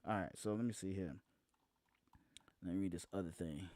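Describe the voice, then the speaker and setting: A male talk show host speaks casually on a live show, laughing often, repeating phrases for emphasis and slowing down to stress his points. His voice is low and mellow, and the recording is dry.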